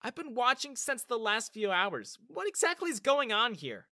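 A woman voicing a blunt, protective young woman with a sharp, scoffing way of talking. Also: fairly high pitch, very animated, normal speed, no echo, studio quality, pitched above the performer's own voice. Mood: challenging.

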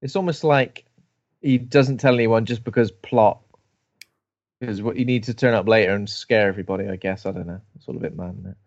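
A man's voice: fairly low pitch, fairly quick, a little mellow, dry recording. A man co-hosting a podcast, chatting casually about a film and joking around. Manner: jokey, acts out characters in silly voices. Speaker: podcast co-host. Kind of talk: casual film review chat. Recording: slightly muffled, dry.

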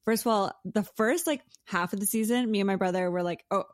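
A woman's voice: medium pitch, brisk, no echo, clean studio sound. A woman in her thirties co-hosting a casual podcast, rambling with plenty of filler words. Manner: rambling, laughs easily, lots of filler words. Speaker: podcast co-host. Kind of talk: casual chat.

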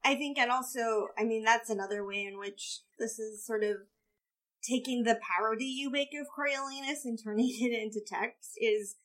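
A woman co-hosting a podcast, chatting in a lively way about a theatre production. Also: a little high. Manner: lively, chatty, quick to act out quotes. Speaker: podcast co-host. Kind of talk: casual theatre discussion.

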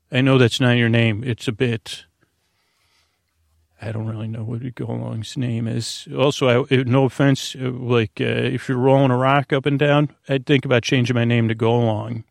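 A man hosts a bedtime podcast in a slow, wandering ramble, piling up filler words and false starts as he chats with an imaginary listener. His voice sits at an ordinary pitch with a rough, gravelly edge. The recording is dry and close. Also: no room sound. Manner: meandering, full of filler words and restarts; silly, speaking to an imaginary listener. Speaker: podcast host.

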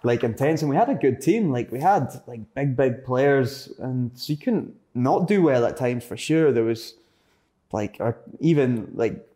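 Medium-pitched, expressive and a little slow, with a dark tone, this young adult Scottish footballer is a guest in a casual interview. He rambles through his stories, full of fillers, restarts and self-corrections.

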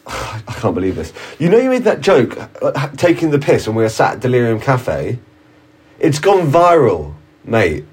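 A man's voice: mid-range voice, wildly swooping pitch, normal speed, darkish tone, breathy edge. A man co-hosting a comedy podcast, speaking in an exasperated, urgent way. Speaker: podcast co-host. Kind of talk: comedy sketch.

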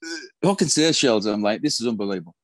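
A man's voice: fairly low pitch, lively intonation, very fast. A middle-aged man, a former footballer telling profane anecdotes in a casual interview. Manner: profane, storytelling, swears constantly.

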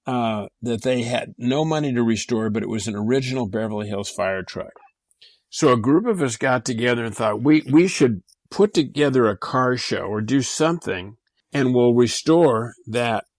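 An older man recalling past events in a relaxed manner, with restarts and fillers. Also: mid-range voice, no echo, clean studio sound. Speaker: interview guest. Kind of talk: casual recollection.

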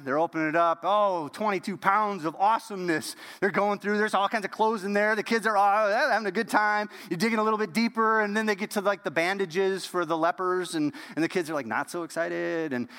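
A man preaching a storytelling sermon as pastor, animated and dropping to a hush at key moments. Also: high-pitched, big-room sound.

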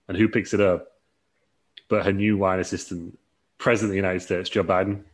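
A man's voice: low-pitched, flat delivery, brisk, fairly bright tone. A man hosting a casual podcast chat, rambling and laughing through a made-up storyline with many fillers. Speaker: podcast host.

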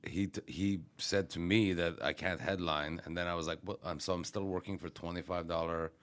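Low-voiced male comic, casual podcast storyteller, swears freely, restarts sentences. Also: steady tone, fairly quick, fairly bright tone, clear, resonant tone. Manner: rambling, profane, self-interrupting. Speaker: comedian. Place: radio studio.

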